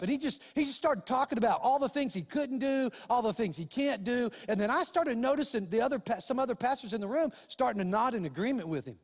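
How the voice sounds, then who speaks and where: A man's voice: very high voice, quick pace, few pauses, in a large hall. A man preaching a sermon as a story, acting out the voices of the people in it. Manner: animated storytelling, acts out quoted voices.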